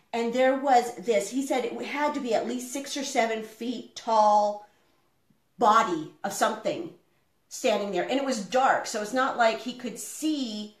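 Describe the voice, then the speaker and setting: A middle-aged woman chatting casually on a live stream while she cooks in her home kitchen. She rambles, with plenty of fillers. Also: a little high. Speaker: homestead vlogger. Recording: echoey room.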